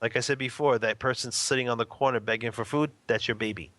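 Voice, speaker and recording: Here a thirtysomething man, guesting on an interview, recounts a family story at a quick clip in a medium-pitched voice. He keeps it casual and spirited, laughing frequently and voicing the quotes himself, with no echo in the recording.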